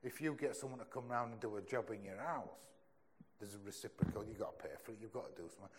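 A young man preaching a sermon in a conversational, earnest way, often dropping into a low, soft voice. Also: fast talker, a little hiss or hum.

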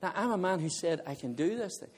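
Male preacher, slightly high-pitched, animated storyteller who laughs and chats with the congregation. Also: quick pace, breathy edge. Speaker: visiting preacher. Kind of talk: sermon with humorous personal story.

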